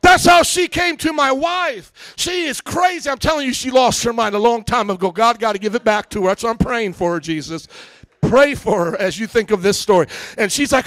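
A pastor in his thirties preaching a sermon, telling a story in casual slang and acting out the voices with loud outbursts. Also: very high-pitched, a little fast, no echo. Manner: animated, acts out quotes with shouts; casual slangy church talk.

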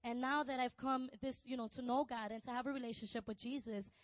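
A woman telling a personal testimony, soft and hesitant with many fillers, turning intense. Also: on the high side, steady tone, a little fast, dry recording, poor audio. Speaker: testimony speaker.

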